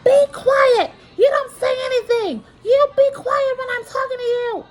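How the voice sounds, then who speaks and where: A woman's voice: very high-pitched, unhurried, voice pushed up. A woman imitating a domineering husband who lectures his wife with scripture, in a scolding, mocking, repetitive way.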